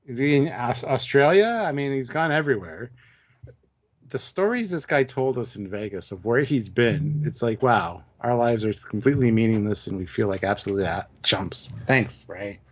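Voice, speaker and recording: A man in his fifties co-hosting a relaxed livestream. He talks in an animated, self-mocking way, his pitch leaping around, and he laughs easily. The audio is muffled and lo-fi. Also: normal speed. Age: 50s. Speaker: co-host. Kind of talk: casual livestream chat. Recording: dull lo-fi stream audio.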